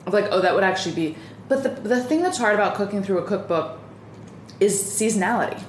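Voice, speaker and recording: A woman's voice: mid-range voice, expressive, fast talker. A woman co-hosts a podcast in loose, casual chat, often talking through a mouthful of food. She stands in a small home kitchen. The room rings with echo and carries a faint hum of ambient noise. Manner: chatty, talks while eating, with mouth full. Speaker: podcast co-host.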